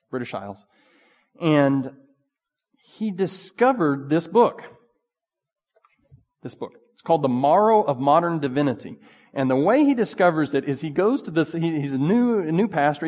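Man, pastor, conversational sermon, lively asides, echoing church hall. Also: fairly high pitch. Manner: conversational, animated preaching with asides.

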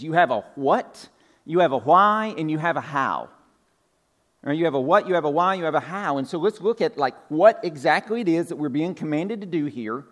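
Male pastor, slightly high voice, easygoing sermon delivery, restates points, loose filler words. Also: fairly bright tone. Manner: casual, repeats points, many "like" fillers. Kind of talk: conversational sermon. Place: church sanctuary.

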